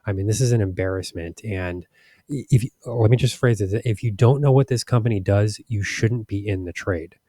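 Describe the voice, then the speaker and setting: Low, mellow-voiced man doing market commentary. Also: normal speed, no room sound, studio quality. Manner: frank, exasperated, many restarts and fillers. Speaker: stock market channel host. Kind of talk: casual commentary over charts.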